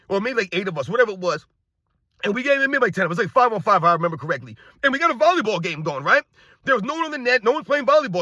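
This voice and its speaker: Heated high-voiced man ranting about basketball. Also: bright, forceful tone, dry recording. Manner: heated, repetitive, addresses viewers directly. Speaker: sports commentator. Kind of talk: ranting commentary.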